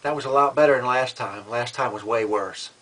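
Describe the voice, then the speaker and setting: A man's voice: mid-range voice, fairly quick, a bit bright, rough recording. A man talking to camera in a casual vlog, matter-of-fact and defiant, often restarting and repeating words. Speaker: vlogger.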